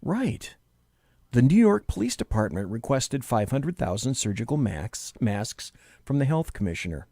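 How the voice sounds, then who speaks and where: A man's voice: mid-range voice, normal speed, no echo, studio quality. A man hosting a talk radio show, giving sarcastic, opinionated commentary between audio clips. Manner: sarcastic, lively, mocking.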